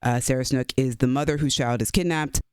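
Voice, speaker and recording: Smooth-voiced man podcast co-host. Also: mid-range voice, steady tone, brisk, darkish tone, no room sound, studio quality. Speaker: podcast co-host reviewing films and TV. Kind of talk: casual chat.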